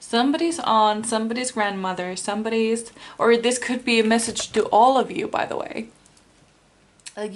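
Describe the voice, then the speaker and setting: A woman from Finland with a Finnish accent, chatting casually as a tarot reader, rambling and laughing often. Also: medium pitch. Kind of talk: casual chat.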